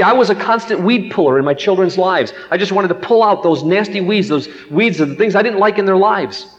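A man in his forties giving a conversational sermon to a crowd, candid and folksy, telling stories from his own family life. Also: fairly high pitch. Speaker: family seminar speaker. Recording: echoey hall, dull lo-fi sound.

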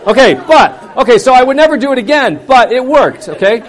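A man preaching, telling a personal story in an animated way with wide swings between loud and quiet. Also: extremely high pitch, a little fast, a faint crowd, slight background noise. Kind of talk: sermon storytelling.

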